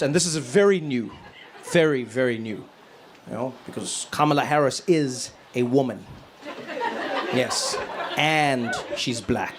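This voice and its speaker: A man doing a stand-up comedy set, telling stories in an animated way and jumping into acted voices. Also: very noisy. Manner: animated storytelling, acts out voices with loud high bursts.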